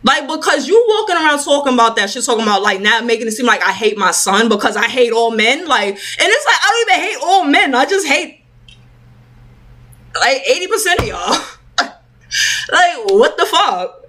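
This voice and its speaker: A woman with a slightly high voice launches into a heated, profanity-laced rant to her camera at home. She talks in a loose, filler-heavy way. She sounds hot and sweaty from getting so worked up. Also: animated, normal speed, pushed and bright. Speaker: mother ranting on a vlog.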